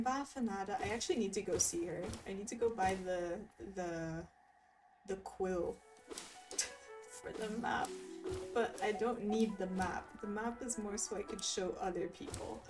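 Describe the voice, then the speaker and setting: Playing a video game live, a woman chats easily with her viewers, giggling and answering their comments. Her mid-range voice keeps fairly even intonation at a normal speed, picked up by a distant mic over the game music.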